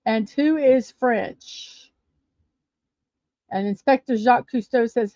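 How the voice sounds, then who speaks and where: A woman's voice: fairly high pitch, slow, warm tone, dry recording. A woman hosting a casual livestream, chatting and reading viewer comments aloud. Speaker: livestream host. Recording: dull lo-fi dry stream audio.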